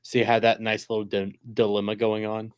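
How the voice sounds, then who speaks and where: A man speaking as a guest on a casual review panel, animated as he retells scenes with acted-out asides. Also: lowish voice, fairly quick, smooth, no room sound.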